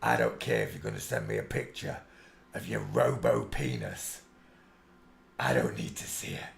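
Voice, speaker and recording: Man doing a deep mocking voice, slow drawl, dismissive. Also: very animated, gravelly, exaggerated voice. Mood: scornful.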